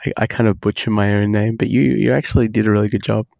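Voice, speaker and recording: A man's voice: on the low side, fairly even intonation, fast, vocal fry, a little mellow, no echo, muffled recording. A man in his forties from Australia with an Australian accent, speaking as a podcast guest while he has a cold, rambling with many fillers and restarts. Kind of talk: casual interview chat.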